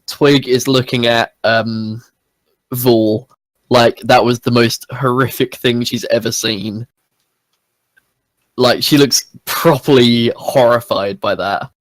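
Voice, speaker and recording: A man's voice: medium pitch, fairly even intonation, slow pace, no room sound. A man as a tabletop game player, casually describing what his character does.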